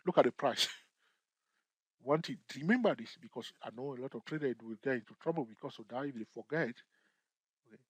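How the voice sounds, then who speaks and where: A trading tutor walks listeners through charts on a screen share, often pausing and checking in with "okay?" or "all right?" while joking and laughing at himself. He speaks at medium pitch, animated and moderately paced, in a dry recording.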